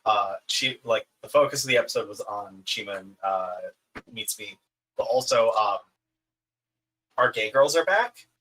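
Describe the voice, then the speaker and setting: A man adding his opinion in a relaxed podcast chat, with filler sounds. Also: lowish voice, normal speed, low-quality recording. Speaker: podcast co-host. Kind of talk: casual chat.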